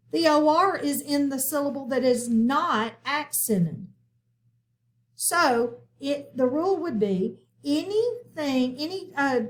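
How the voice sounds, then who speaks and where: A woman teaching a recorded phonics lesson, patient and checking in often with her listeners. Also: high-pitched.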